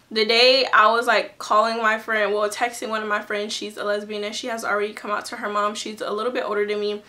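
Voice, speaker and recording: A woman's voice: mid-range voice, little pitch movement, brisk, few pauses, pushed and bright. A young woman telling a personal story to her camera in a casual, chatty way, full of fillers and restarts. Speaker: vlogger.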